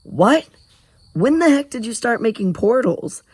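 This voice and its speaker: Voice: mid-range voice, sing-song, a little slow, breathy edge, no room sound, studio quality, voice pushed up. A man voicing a wry, impatient young man in a storybook reading.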